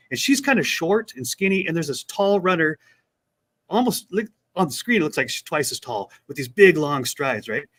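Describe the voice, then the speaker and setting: A man co-hosting a casual chat, retelling a story with lively acted-out quotes. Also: fairly high pitch. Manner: animated retelling, acts out quotes. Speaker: podcast co-host.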